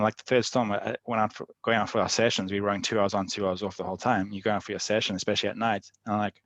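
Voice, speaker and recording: A young man, a podcast guest, telling adventure stories in a rambling way, full of "like" and quick laughs. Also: fairly low pitch, fairly bright tone, no echo, muffled recording. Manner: rambling, heavy use of "like", frequent laughs. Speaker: podcast guest, endurance athlete. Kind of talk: casual storytelling.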